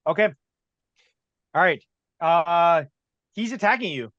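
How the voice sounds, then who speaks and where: A man runs a tabletop game, describing the scene slowly and deliberately. His voice sits a little higher than most men's and is recorded close and dry. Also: lively intonation, fairly bright tone, no room sound, highs cut off. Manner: unhurried, with frequent restarts. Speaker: game master.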